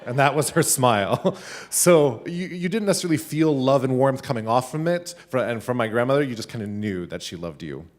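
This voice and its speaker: A man, a teacher, telling a funny personal story live at a school event, animated and laughing between lines. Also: medium pitch, fairly quick. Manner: animated, laughing, with many "like" fillers.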